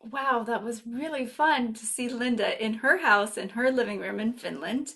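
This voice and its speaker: At children's story time, a guest librarian reads a picture book aloud, playful and lively, gasping and putting questions to the kids. Her voice sits on the high side, husky, at a moderate pace.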